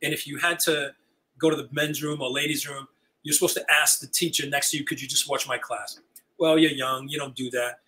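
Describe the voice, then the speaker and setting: An older man, a retiring high school teacher, telling stories as an interview guest and acting out the dialogue. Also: brisk, slight background noise, poor audio. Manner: animated, acts out quoted dialogue. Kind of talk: storytelling chat.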